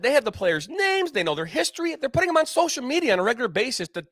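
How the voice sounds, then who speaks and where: A man's voice: very high-pitched, sing-song, fast, hardly any pauses, fairly bright tone, dry recording, studio quality. A man co-hosting a soccer podcast, ranting candidly with frequent swearing and rambling restarts. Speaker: soccer commentator and podcast co-host. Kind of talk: candid opinionated podcast rant.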